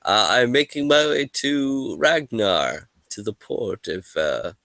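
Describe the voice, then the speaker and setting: A man's voice: medium pitch, sing-song, slow, creaky, sharp tone, no echo, full character voice. A man voicing a humble, easygoing male merchant in a tabletop game, rambling with fillers. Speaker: game master voicing a character. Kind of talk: tabletop role-play.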